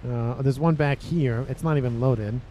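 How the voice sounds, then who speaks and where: Male game commentator, mellow tone, rambling, self-correcting, exasperated questions, faint background hiss. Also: mid-range voice, normal speed. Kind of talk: casual video game commentary.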